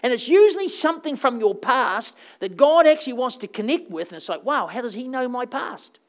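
A woman preacher telling stories through her sermon in a loose, rambling way. She talks casually, with plenty of fillers. Her voice swings from loud bursts down to quiet asides. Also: on the high side, brisk. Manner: conversational, rambling storytelling with fillers; animated, swings between loud and soft.

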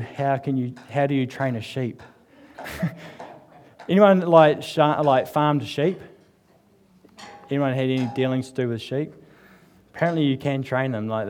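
A New man preaches at a church service in a loose, conversational way, joking with the congregation and sprinkling his talk with fillers. His voice sits at an ordinary middle pitch. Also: a little mellow, slight background noise. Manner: chatty and joking, with frequent fillers. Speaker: church speaker. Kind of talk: casual humorous sermon.

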